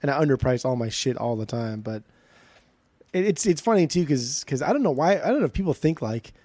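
A man co-hosting a podcast, telling a swearing, animated story in casual chat. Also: medium pitch, brisk, no echo. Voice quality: profane, animated storytelling with quoted dialogue. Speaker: podcast co-host and record show organizer.

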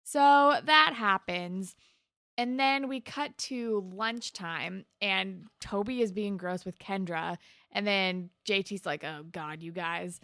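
A woman's voice: slow, no room sound, clean studio sound. A young woman co-hosting a podcast, casually recapping a TV episode and animatedly acting out quotes. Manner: animated, jumps to high pitch when quoting. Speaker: podcast co-host.

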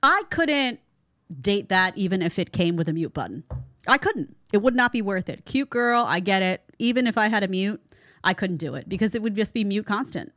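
Her mid-range voice is expressive and fairly bright, moving at a moderate pace. As a podcast host on a studio microphone, she offers sarcastic opinions and imitates people mockingly, and the recording is dry.

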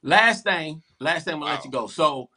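A man's voice: fairly high pitch, animated, brisk, sharp tone. A man hosting a casual interview and asking easygoing questions. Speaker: interview host.

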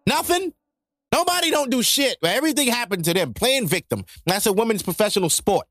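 A man hosts a podcast, talking in a high-pitched voice. He rants in a profane, joking style. The sound is dry and close, with no room echo. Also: animated, a little fast, a bit bright. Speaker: podcast host. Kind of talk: casual monologue.

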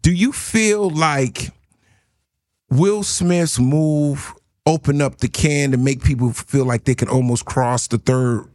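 Middle-aged male host, casual and excitable, laughs and exclaims often. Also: medium pitch, slow. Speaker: podcast host. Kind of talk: casual chat.

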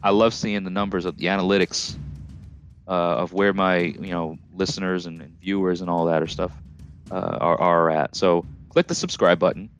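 A man's voice: low-pitched, little pitch movement, normal speed, soft background music. A man hosting his own podcast alone, rambling and joking casually with lots of fillers. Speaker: podcast host.

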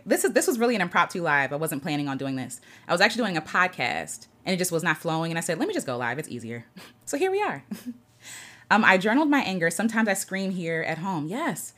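A woman from the United States talks earnestly on a casual livestream from home, her voice sitting a little low. Her pitch swings freely as she greets viewers and reads their comments aloud. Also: a bit bright. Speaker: livestream host. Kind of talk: casual impromptu livestream chat.

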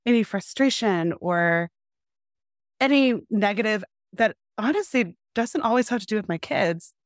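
Young mother on a call, mid-pitched, candid and rambling, dry sound. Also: expressive, a little slow, dry recording. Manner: candid, rambling, acts out her kids' lines. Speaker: caller, mother of two young kids. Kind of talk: casual coaching conversation.

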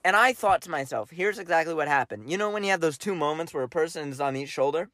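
A man's voice: fairly high pitch, expressive, fast talker, pushed and bright, no room sound. A young man co-hosting a podcast, telling a self-mocking story in casual chat and acting out his own lines. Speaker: podcast co-host.

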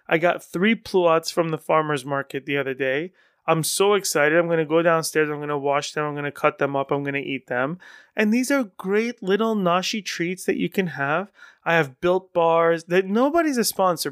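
A man's voice: a little high, fairly bright tone, smooth, no echo, clean studio sound. A man hosting his own podcast in casual, rambling, enthusiastic solo talk. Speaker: podcast host.

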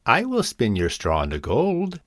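A man's voice: medium pitch, wildly swooping pitch, a little slow, no echo, studio quality. A man doing a sly strange little man.

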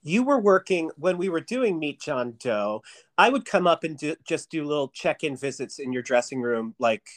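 A man's voice: fairly high pitch, big pitch swings, moderate pace. A man hosting a casual interview podcast, chatting and reminiscing with a guest, with a lot of fillers and restarts. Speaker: podcast host.

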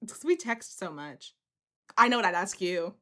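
A woman's voice: mid-range voice, very animated, normal speed, a bit bright. A young woman co-hosting a podcast in casual chat, playful and teasing, laughing often. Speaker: podcast co-host.

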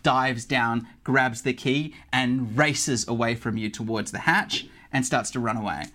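Man, game master, measured descriptive narration, mid pitch. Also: sharp tone.

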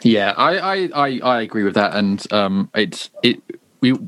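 Brief: man, podcast host, relaxed and easygoing, reads questions. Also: lowish voice, measured pace. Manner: easygoing, laughs readily. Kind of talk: casual chat, reading listener questions.

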